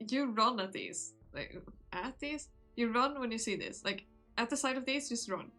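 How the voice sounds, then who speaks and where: A sleepy woman streamer chats casually with her viewers while reading a visual novel. Her voice is bright and lively in a giggly, chatty way. Soft music runs faintly behind her. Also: fairly high pitch, normal speed. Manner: chatty and giggly, talking to chat. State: sleepy, yawning.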